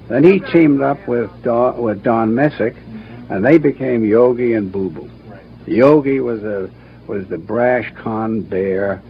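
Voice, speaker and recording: An older man, a cartoon producer and director, telling stories in an interview with a brisk, anecdotal manner. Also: mid-range voice. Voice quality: brisk, anecdotal, acts out quotes. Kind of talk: interview, reminiscing. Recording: dull archival recording with faint hiss.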